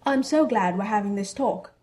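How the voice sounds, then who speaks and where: A woman's voice: medium pitch, normal speed, warm tone, natural voice. Woman reader doing a blunt, scheming schoolboy wizard; brash and teasing. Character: scheming teenage boy wizard, cheeky and blunt.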